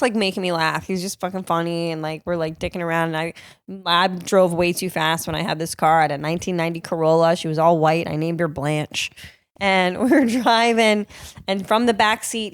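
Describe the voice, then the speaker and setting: A woman's voice: lowish voice, no echo. A woman from Cape Cod hosting her own podcast, telling stories in a casual, profane, laughing way into a close mic. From Cape Cod, Massachusetts. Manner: profane, laughing, animated storyteller. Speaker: podcast host and comedian. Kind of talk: casual storytelling.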